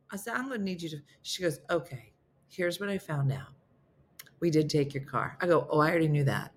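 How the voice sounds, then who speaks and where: A woman's voice: on the low side, sing-song, fairly quick, a bit bright, slightly rough. A woman hosting a morning show, telling a story in casual chat and acting out both sides of phone calls with big jumps in her voice.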